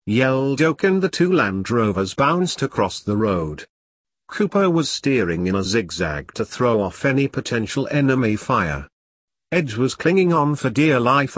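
Reading an audiobook, a man keeps a steady, measured delivery in a mid-pitched voice. The sound is dry and close-miked, free of any room sound.

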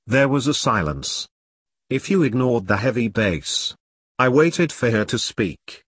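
Husky male audiobook narrator. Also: medium pitch, very animated, unhurried, a bit bright, dry recording, clean studio sound. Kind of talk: first-person story reading.

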